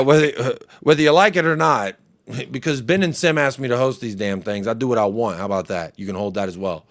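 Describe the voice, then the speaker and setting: Playful American man hosting a fan show. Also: fairly high pitch. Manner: playful, teasing, jokey asides. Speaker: host. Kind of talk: casual fan-show chat.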